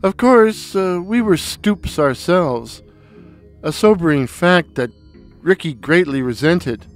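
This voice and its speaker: A man narrating a dark, comic short story in a sardonic, deadpan, deliberate way. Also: a little high. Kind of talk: dry, wry spoken storytelling.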